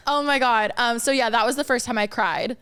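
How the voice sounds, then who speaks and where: A woman's voice: fairly high pitch, fairly bright tone, smooth. A young woman co-hosting a casual podcast chat, reacting readily with laughs and gasps. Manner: chatty, reactive, quick to laugh and gasp. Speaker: podcast co-host.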